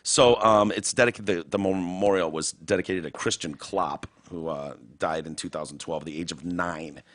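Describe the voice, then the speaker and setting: Crude, animated man. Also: normal speed. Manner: crude, profane storytelling with swings in pitch. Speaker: podcast host. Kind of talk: casual podcast banter.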